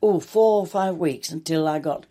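Older woman, mellow voice, chatty reminiscing, acted-out quotes. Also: low-pitched, normal speed. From England. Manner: chatty, warm anecdotes with quoted dialogue. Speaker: soap actress. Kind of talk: reminiscing interview.

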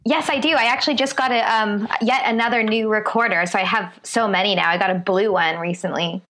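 A woman comedian chatting as a guest over a remote call, lively and quick to laugh. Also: medium pitch. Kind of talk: casual podcast chat.

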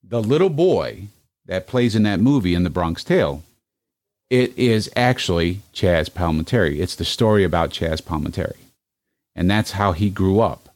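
A man's voice: low-pitched, expressive, normal speed, darkish tone, no room sound. A man, co-hosting a casual chat and telling rambling anecdotes full of fillers.

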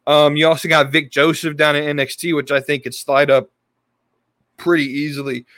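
A man's voice: on the high side, level tone, normal speed, a bit bright, no room sound. A man hosting a casual podcast, talking in a loose, rambling way with many restarts and fillers. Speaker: podcast host. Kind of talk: casual wrestling podcast talk.

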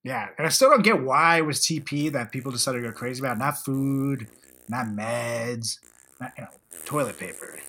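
Male podcast co-host, bright voice, crude humor, teasing, casual chat. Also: mid-range voice, normal speed.

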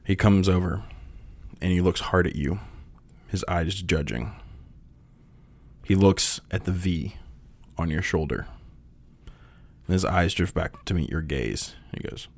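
Deep-voiced man narrating a tabletop game. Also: slow pace, gravelly, long pauses. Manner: descriptive, with restarts and laughs. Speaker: game master.

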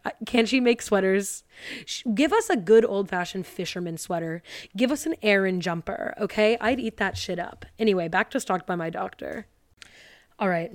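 A woman's voice: medium pitch, no echo. A young woman hosting a podcast, recapping a TV movie in a casual, sarcastic way and acting out the characters' lines.

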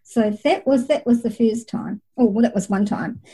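A woman's voice: on the high side, normal speed, mellow, husky, low-quality recording. A middle-aged woman working as a psychic medium, telling her experiences at length in a reflective interview. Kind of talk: conversational interview storytelling.

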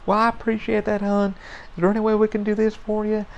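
A man's voice: high-pitched, monotone, quick pace, creaky, highs cut off, pitched above the performer's own voice. A man voicing a sweet-talking female call-center agent who coaxes and calls people sweetheart and hon. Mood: coaxing.

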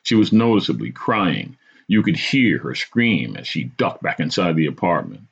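A deep-voiced man tells a story in first person, his husky tone dipping and rising with lively expression. He narrates with dramatic, vivid storytelling. The recording sounds dull and lo-fi. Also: moderate pace. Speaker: podcast host.

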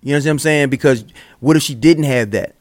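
A man's voice: mid-range voice, brisk, no echo, studio quality. A man co-hosting a podcast in casual chat, arguing his point earnestly with frequent restarts. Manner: earnest, argues with repeated stumbles. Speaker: podcast co-host.

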